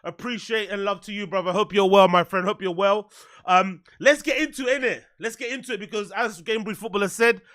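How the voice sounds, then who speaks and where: A man's voice: high voice, fairly quick, fairly bright tone. A man hosting a livestream, chatting casually in slang and repeating his phrases over and over. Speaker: livestream host.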